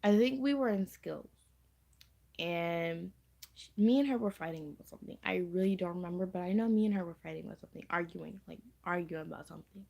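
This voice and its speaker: Chatty teen girl with a gravelly low voice. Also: fairly quick, a little mellow. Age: teens. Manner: chatty, repeats phrases, slangy. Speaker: storytime vlogger. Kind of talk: casual storytime vlog.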